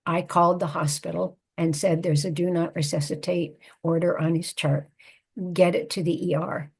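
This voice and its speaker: An older woman, a psychotherapist and author, telling a personal family story in a measured, reflective way. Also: lowish voice, fairly even intonation, gravelly, darkish tone, husky.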